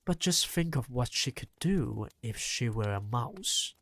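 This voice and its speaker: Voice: medium pitch, lively intonation, measured pace, a bit bright. A reader doing a bossy, fiery old grandmother. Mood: impatient. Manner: impatient, snappish and rousing. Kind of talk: audiobook reading.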